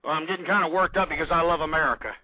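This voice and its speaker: A middle-aged man hosting a call-in radio show, ranting and shouting in bursts. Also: fairly high pitch, steady tone, rapid-fire, no echo. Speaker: radio talk show host. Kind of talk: call-in talk radio rant. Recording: dull lo-fi radio audio.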